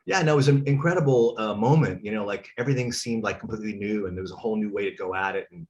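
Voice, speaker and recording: A man's voice: on the low side, very fast, darkish tone, highs cut off. A man in his fifties, a drummer guest on a video call, looking back on his youth with many fillers. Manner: reminiscing, many fillers and restarts. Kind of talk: casual video call chat.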